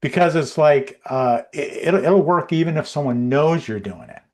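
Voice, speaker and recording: A man's voice: a little high, animated, normal speed. A man co-hosting a livestream podcast, chatting casually and rambling with many fillers and restarts. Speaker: co-host.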